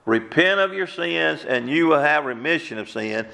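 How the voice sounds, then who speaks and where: A man's voice: a little high, expressive, moderate pace, gravelly, sharp tone. A man preaching a sermon as pastor, using fervent rhetorical questions. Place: church sanctuary. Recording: long church hall reverb.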